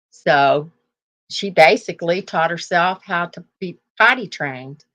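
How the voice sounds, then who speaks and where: A woman's voice: lowish voice, fairly bright tone, highs cut off. An older woman hosting a casual live chat, rambling through stories and laughing often. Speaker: host.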